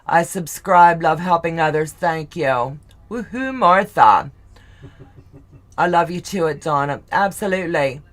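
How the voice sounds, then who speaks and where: Low, slow-talking woman hosting a live stream. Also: steady tone. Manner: effusive and gushing, readily emotional. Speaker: host of a live sewing stream. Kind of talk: casual livestream chat, reading out viewer comments.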